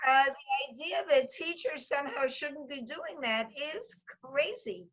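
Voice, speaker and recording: A woman on an educators' panel who makes her points with measured rhetorical questions. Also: high voice, expressive, a bit bright, rough recording. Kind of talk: panel discussion.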